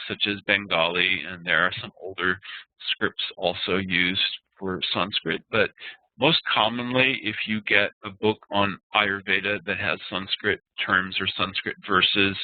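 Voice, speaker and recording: Over a web meeting, a man teaching Ayurveda patiently walks his online class through sounds one by one. He has a fairly low voice, picked up by a computer mic in dry, tinny audio with no room sound.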